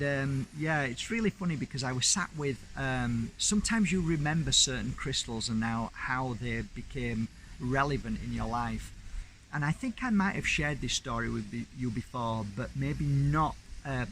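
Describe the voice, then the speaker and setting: A man's voice: mid-range voice, a bit bright, slight background noise, low-quality recording. A man hosting his own channel, telling a personal story in a chatty, rambling, enthusiastic way. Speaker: crystal channel host. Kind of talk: casual storytelling to camera.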